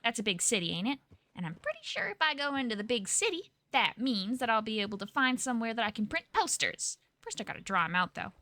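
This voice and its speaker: A woman plays a sweet, naive young frontier woman in a role-play game, chattering in a folksy drawl with a high, bright, lively voice that swoops up and down. She coaxes and soothes animals in a gentle tone, and a faint hiss sits under the recording. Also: fast. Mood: chatty. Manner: folksy drawl with ain't and gotta.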